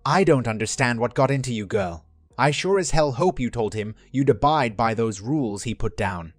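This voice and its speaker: A man's voice: medium pitch, animated, normal speed, no echo, natural voice. A man plays an older father whose talk is harsh and scolding. The delivery is dry, over faint background music. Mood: calmer.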